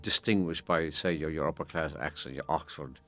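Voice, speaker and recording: An older man from Ireland giving an audio commentary, halting and repeating words as he recalls his past. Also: extremely low pitch, a bit bright, dry recording. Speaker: film commentator.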